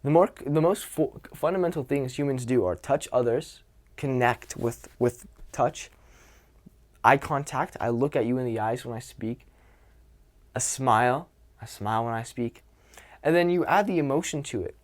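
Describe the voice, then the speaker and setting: A young man coaching social skills in a casual, expressive way, swearing freely. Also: medium pitch, normal speed.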